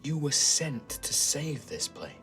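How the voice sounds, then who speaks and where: A towering armored warrior woman, as a man puts her on, speaking slowly with hushed reverence. Faint music sits behind her. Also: a little high, very animated, full character voice. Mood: reverent. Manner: reverent and slow. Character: awestruck tall armored female warrior.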